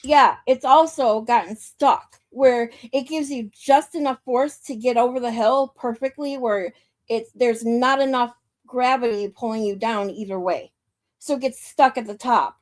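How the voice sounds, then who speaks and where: Woman, slightly high voice, casual rambling chat, stream host. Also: unhurried. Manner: rambling, laughing, conversational.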